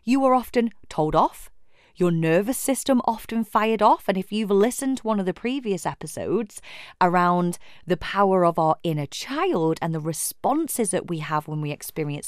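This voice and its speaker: Solo podcast host, female coach, very animated pitch, dry close sound. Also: dry recording. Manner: expressive, acts out imagined voices.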